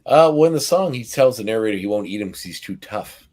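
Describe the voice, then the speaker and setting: A man's voice: lowish voice, expressive, fast talker, darkish tone. A man with a Nova Scotian accent hosting a podcast, chatting loosely with lots of fillers and restarts. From Canada. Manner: meandering, many fillers and restarts. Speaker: podcast host. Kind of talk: casual podcast chat.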